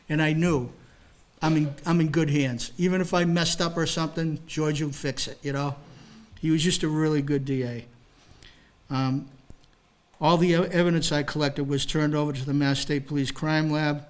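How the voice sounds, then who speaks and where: An older man with a somewhat high voice tells a crime story to a library audience. He is a retired detective who is plain-spoken and moves between stiff report phrasing and loose, chatty asides. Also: fairly even intonation, normal speed. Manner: plain-spoken, mixes formal report wording with casual asides. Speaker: retired police detective speaking at a library talk. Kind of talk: storytelling, reading from a case report.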